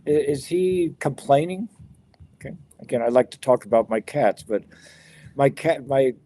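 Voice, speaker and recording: A man's voice: medium pitch, expressive, normal speed, mellow. A man leading a verse-by-verse Bible study. He talks conversationally, often paraphrasing the text in the first person, with frequent restarts. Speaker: Bible teacher.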